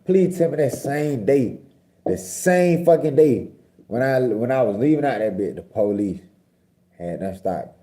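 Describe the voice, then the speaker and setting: A young man from Georgia, telling a story in a casual, profane, animated way. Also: mid-range voice, measured pace. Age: young adult. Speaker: vlogger.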